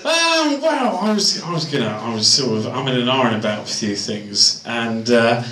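Rambling stand-up. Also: male voice, medium pitch, big pitch swings, moderate pace, fairly bright tone, a little hiss or hum. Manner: rambling, mimics posh voices. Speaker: stand-up comedian. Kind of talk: stand-up comedy set. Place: comedy club. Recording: roomy club sound from far off.

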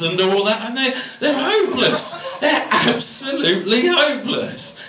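A man's voice: high voice, normal speed, few pauses, sharp tone. A man doing a rambling stand-up set in a comedy club, slipping into posh voices. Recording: roomy club sound from far off.

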